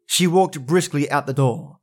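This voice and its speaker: A man narrating a first-person story for a podcast in a steady, deliberate reading voice. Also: a little high.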